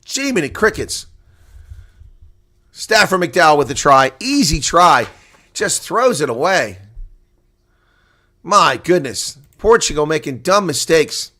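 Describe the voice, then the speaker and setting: A man giving live play-by-play rugby commentary, excitable and rising to shouts at big plays. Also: fairly high pitch, unhurried.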